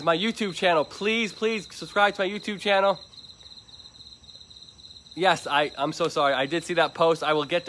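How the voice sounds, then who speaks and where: This livestreaming shelter advocate from Florida has a slightly high, somewhat bright voice. Chatting casually outside the animal shelter at night, he's upbeat and repeats himself, with crickets, barking dogs, and slight background noise.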